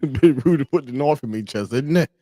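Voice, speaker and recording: A man's voice: mid-range voice, brisk, warm tone, no echo, studio quality, voice pushed up, close to an everyday voice. A man putting on a cheeky mock British bloke. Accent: put-on British. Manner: exaggerated, mocking impression.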